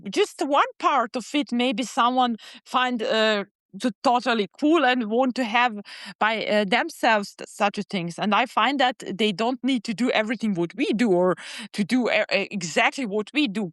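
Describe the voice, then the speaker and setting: A woman's voice: a little high, a bit bright, no echo. Woman, dry sound. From Serbia. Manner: hesitant non-native phrasing, many fillers. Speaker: guest, animal psychologist. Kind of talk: casual interview chat.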